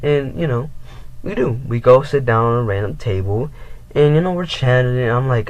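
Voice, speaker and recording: A man's voice: mid-range voice, lively intonation, normal speed, rough recording. A teenage boy telling a rambling storytime in casual, profane slang. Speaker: vlogger.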